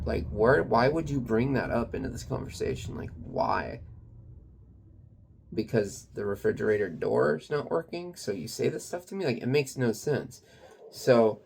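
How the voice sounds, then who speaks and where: Against a noisy background, a kratom vendor and channel owner tells a confessional story about himself, loose and casual with plenty of fillers and some swearing. His mid-range voice is animated yet unhurried, with vocal fry.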